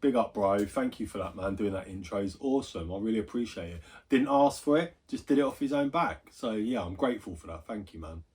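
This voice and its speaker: A man's voice: lowish voice, lively intonation, brisk, hardly any pauses, darkish tone, husky. A man chatting casually, swearing freely and wandering into asides as he tells a story on his gaming vlog. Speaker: gaming YouTuber.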